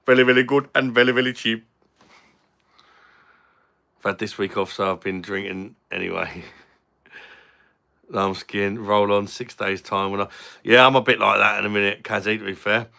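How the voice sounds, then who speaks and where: Gravelly, bright-voiced guy. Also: lowish voice, little pitch movement, normal speed. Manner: chatty and jokey, swears casually. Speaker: live-stream host. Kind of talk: casual live-stream chat, reading comments.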